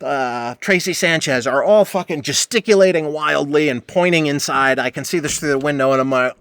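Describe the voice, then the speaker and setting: A man hosting a podcast, telling a rambling story with lots of swearing and animated re-enactment. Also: a little high, a little fast, few pauses, no echo. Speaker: podcast host. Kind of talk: casual storytelling monologue.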